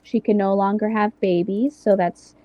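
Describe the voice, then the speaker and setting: A woman's voice: medium pitch, fairly even intonation, normal speed, no echo. Hesitant woman co-host, dull sound. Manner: hesitant, many fillers. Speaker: podcast co-host. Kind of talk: casual chat.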